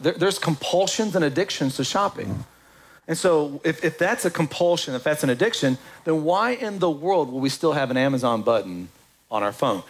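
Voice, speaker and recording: Animated preacher man, lively pitch. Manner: animated, acts out quotes in voices. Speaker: pastor. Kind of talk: sermon.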